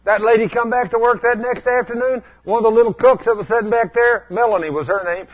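A man preaching a storytelling sermon in a folksy way, asking the congregation questions and rising to loud exclamations. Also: very high voice, steady tone, fast, lo-fi sound.

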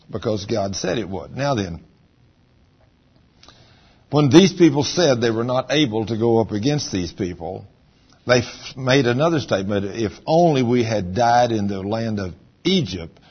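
Husky preaching pastor with surging delivery. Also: male voice, lively intonation, measured pace, dull audio. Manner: preaching with big swings in pitch and volume. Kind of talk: sermon.

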